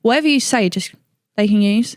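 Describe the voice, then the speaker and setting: A woman's voice: medium pitch, a little fast, dry recording, clean studio sound. A woman, a mother, chatting as a podcast guest in a direct, talkative way with plenty of filler words. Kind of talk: casual podcast chat.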